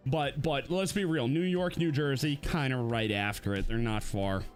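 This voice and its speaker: A man co-hosting a live-streamed podcast, talking casually and laughing often, with quick swings into mocking put-on voices. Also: mid-range voice, soft background music. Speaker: podcast co-host.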